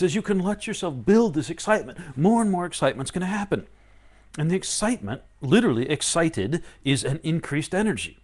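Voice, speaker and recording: A man giving a live-streamed spiritual talk, animated and playful, often acting out excited inner voices. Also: on the high side, a little fast. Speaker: spiritual teacher.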